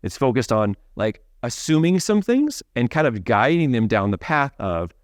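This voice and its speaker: A man's voice: mid-range voice, normal speed, dry recording, studio quality. A man leading a live coaching workshop, talking conversationally and often checking in with "right?". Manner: animated, conversational, frequent "right?" tag questions. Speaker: leadership coach.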